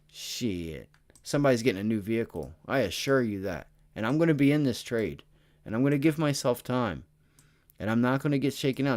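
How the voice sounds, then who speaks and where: A tired, excitable man hosting a livestream, talking casually through stock charts and addressing his chat. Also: mid-range voice. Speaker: stock trading livestream host. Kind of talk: casual live chart commentary.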